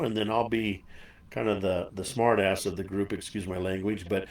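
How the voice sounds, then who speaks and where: A man's voice: lowish voice, fairly even intonation, normal speed, echoey room, recorded from a distance. A man hosting a casual chat interview, folksy and chatty, laughing easily. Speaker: show host.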